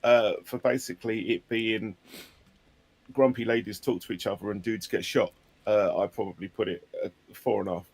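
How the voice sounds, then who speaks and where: A man's voice: fairly low pitch, steady tone, normal speed, a little mellow. A man co-hosting a casual hobby podcast, blunt and joking with casual swearing. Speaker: podcast co-host. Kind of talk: casual chat.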